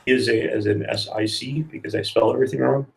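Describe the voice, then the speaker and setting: A man's voice: medium pitch, fairly even intonation, fast, vocal fry, slight background noise, poor audio. A man introducing his tabletop character as a player, wry and self-mocking, with many fillers. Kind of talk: casual chat.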